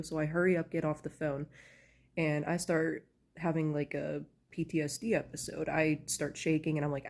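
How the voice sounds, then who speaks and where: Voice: mid-range voice, flat delivery, brisk, gravelly, darkish tone. Tired, rambling storyteller just woken up. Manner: rambling, with many fillers like "like" and "you know". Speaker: storyteller sharing a personal story. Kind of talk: casual storytime monologue. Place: at home, in pajamas.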